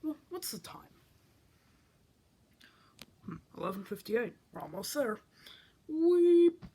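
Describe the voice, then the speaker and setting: A woman's voice: medium pitch, big pitch swings, unhurried, gravelly, slight background noise. A woman doing a playful skit, voicing several stuffed animals and switching between their voices, often dropping to a whisper. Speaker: toy puppeteer.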